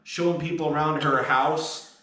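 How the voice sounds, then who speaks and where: A man's voice: a little high, fairly even intonation, moderate pace, pushed and bright. A man hosting a casual beer podcast, rambling and crude with lots of fillers. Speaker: podcast host. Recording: echoey room.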